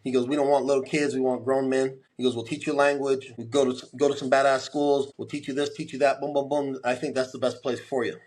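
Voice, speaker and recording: A man in his forties, guesting on a podcast, tells a long story and acts out the voices of the people in it. He's an animated storyteller with a mid-range voice, speaking quickly with hardly any pauses as he performs quoted dialogue.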